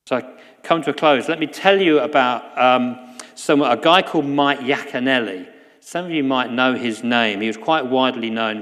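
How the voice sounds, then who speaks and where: A man preaching a sermon in a church, earnest, often dropping to a soft hush. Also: medium pitch, big-room sound. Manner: earnest, drops to a soft hush at key lines. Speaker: guest preacher.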